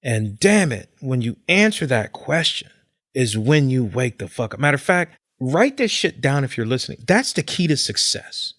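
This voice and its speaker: A man talking on a podcast in casual chat, swearing often and pushing his voice high when he gets worked up. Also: big pitch swings, normal speed, fairly bright tone, dry recording, studio quality. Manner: profane and emphatic, voice climbs high when fired up. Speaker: podcast guest.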